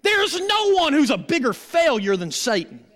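High-voiced preacher in an echoing hall. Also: male voice, moderate pace. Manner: call-and-response preaching, animated and emphatic. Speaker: pastor. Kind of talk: sermon. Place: church.

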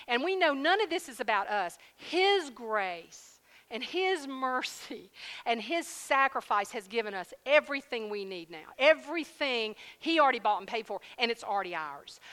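A woman preacher telling a lively testimony to her congregation and leading them in prayer. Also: medium pitch, in a large hall. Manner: lively storytelling, addresses audience as y'all.

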